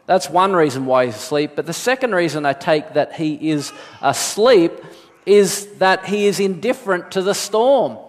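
A man preaching a sermon as a pastor, animated, switching into quoted voices with big jumps in pitch. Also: moderate pace. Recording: long hall reverb.

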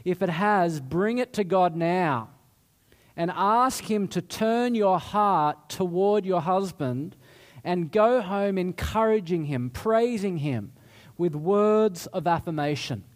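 A man's voice: sits high, lively intonation, slow pace. A middle-aged man preaching a sermon in a chatty, self-deprecating way, often restarting his sentences. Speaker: pastor.

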